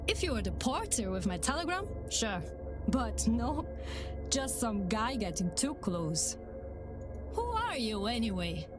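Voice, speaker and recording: A woman's voice: a little high, big pitch swings, measured pace. A woman voicing a blunt, bored woman in a video game, speaking in a tart, sardonic way. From Brazil. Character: blunt, bored young Brazilian woman guest. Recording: game audio with music behind.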